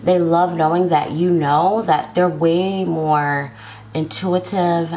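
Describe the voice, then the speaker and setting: With slight background noise, a woman's warm, lowish voice keeps a fairly even intonation through a casual tarot love reading for viewers. She's chatty and drawn out, regularly pausing to ask "okay?"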